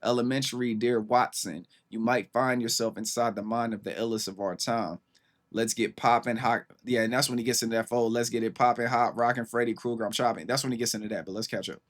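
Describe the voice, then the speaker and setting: An excited man hosts a casual music reaction. He talks fast and eagerly over the track, reading lines aloud and breaking off to comment. His voice sits at an everyday middle pitch. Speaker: reaction channel host.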